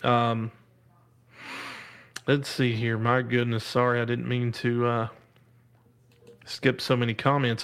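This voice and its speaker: A man with a drawl hosts a live stream in a relaxed, slow way. He chats casually, reads viewer comments aloud and laughs a lot, often calling out to God. His voice sits at a middle pitch. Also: clear, resonant tone. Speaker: live show host reading viewer comments.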